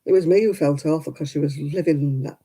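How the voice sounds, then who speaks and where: Dark-voiced older woman chatting. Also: deep voice, brisk, breathy edge, low-quality recording. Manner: chatty, rambling anecdotes with frequent "you know" asides. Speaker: crafting livestream host. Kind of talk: casual storytelling chat.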